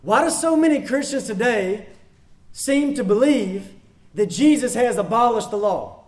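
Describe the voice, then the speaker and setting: A man's voice: very high voice, lively intonation, measured pace, a little mellow. A man preaching a sermon, emphatic, repeating key phrases and putting rhetorical questions to the congregation.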